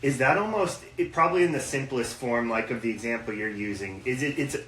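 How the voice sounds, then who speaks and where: Male host, bright and sharp, halting questioner, heard from a distance. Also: mid-range voice. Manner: hesitant, searching questions. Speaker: podcast host. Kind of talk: podcast interview. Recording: roomy, distant mic, faint noise.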